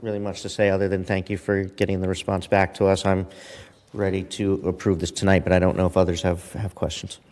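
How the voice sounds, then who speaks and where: A lowish male voice with a Boston accent, moving motions in a formal council setting. He hesitates now and then and restarts. The chamber adds a long reverb tail. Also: monotone, a little fast, darkish tone. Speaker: vice mayor.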